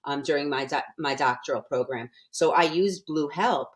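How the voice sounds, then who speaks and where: A woman's voice: deep voice, normal speed. An older woman guest on a podcast, talking earnestly and emphatically, often restarting her sentences. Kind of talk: casual podcast conversation.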